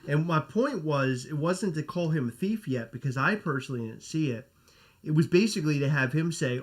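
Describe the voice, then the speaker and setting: Rambling man host, slightly high voice. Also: expressive, a little fast. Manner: rambling, self-correcting, swears. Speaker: podcast host. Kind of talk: casual livestream chat.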